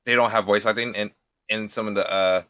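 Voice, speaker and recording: A man's voice: fairly low pitch, steady tone, sharp tone, clean tone, no room sound. A young man in his late teens, a beginner voice actor, talking casually as an interview guest and often restarting his sentences. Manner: halting, repeats and restarts words.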